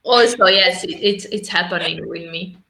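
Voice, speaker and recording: Woman, non-native English speaker, bright tone, hesitant conversational delivery. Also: on the low side, normal speed, gravelly, a little hiss or hum, poor audio. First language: not English. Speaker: guest. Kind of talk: casual spiritual conversation.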